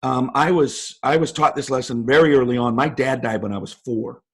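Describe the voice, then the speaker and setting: A guest speaker in his fifties tells stories emphatically in a motivational interview, his voice jumping up for quoted lines. It's a mid-range, husky voice with a steady tone at a moderate pace.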